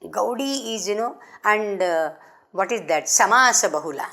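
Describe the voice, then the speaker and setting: A middle-aged woman professor, giving a lecture, explaining slowly with restarts and chanting verse in a quick recitation. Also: mid-range voice, expressive, vocal fry, pushed and bright. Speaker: professor lecturing on Sanskrit drama. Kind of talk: academic lecture.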